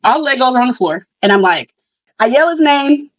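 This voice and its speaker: A woman's voice: high-pitched, animated, normal speed, no echo, poor audio. Chatty young mother, dry close sound. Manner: chatty, many fillers and restarts; candid and reflective. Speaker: podcast host. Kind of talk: casual storytelling.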